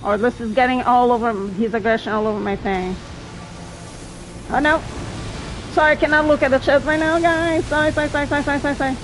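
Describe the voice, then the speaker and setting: A woman's voice: sits high, steady tone, fast talker, soft background music, low-quality recording. A woman streaming a video game, commenting live, swearing and shrieking at setbacks and apologizing to her chat. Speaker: gamer streaming a boss fight.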